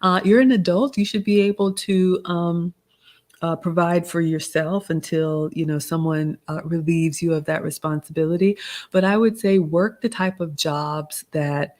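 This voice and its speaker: Woman, 40s, Southern accent, low-pitched, polished and motherly, casual livestream Q&A host. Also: steady tone, normal speed, a little mellow. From American South. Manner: polished, motherly advice-giving, reads comments aloud. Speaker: livestream host answering chat.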